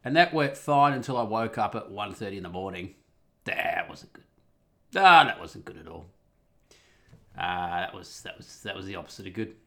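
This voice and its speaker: A man talks through a personal story in a loose, rambling monologue. His voice sits fairly low but sounds bright and sharp, and his tone stays wry and profane throughout. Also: fairly quick, creaky. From Australia.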